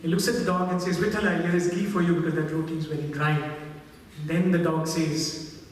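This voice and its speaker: A man with a high voice gives a devotional talk and tells a story, often asking "right?" to check in with his audience. He speaks from far off in a large hall with a long, heavy echo, and a faint hum of noise sits behind him. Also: flat delivery, brisk. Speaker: spiritual speaker.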